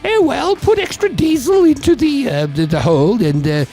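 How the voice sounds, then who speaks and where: A shrill, pompous elderly lady barking orders, her voice leaping high and swooping about, as a radio host puts her on. She sounds fussy and commanding, with faint guitar music underneath. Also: lively intonation, moderate pace, mellow. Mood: imperious.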